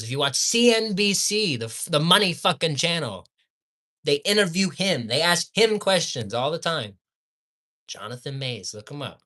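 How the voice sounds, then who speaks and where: Angry guy cussing nonstop about fast food, bright edgy voice, slow drawn-out delivery. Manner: angry, swearing constantly, swings from shouting to low mutters. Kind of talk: profane ranting commentary.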